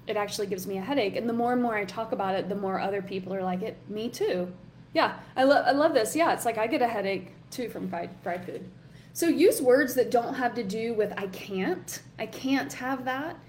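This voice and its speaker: Woman, workshop coach, chatty and encouraging, somewhat high voice, faint noise behind. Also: a little fast. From Southern US. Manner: chatty, encouraging, reads chat comments aloud. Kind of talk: live online workshop talk.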